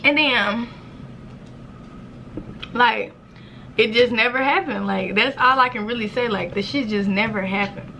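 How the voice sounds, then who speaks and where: Young woman vlogger, storytime to camera, crisp bright tone, slightly high voice, swears freely, jumps up in pitch for quotes. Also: measured pace, long pauses, a little hiss or hum. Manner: animated, profane, acts out quotes with sudden high squeals. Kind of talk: casual storytime monologue.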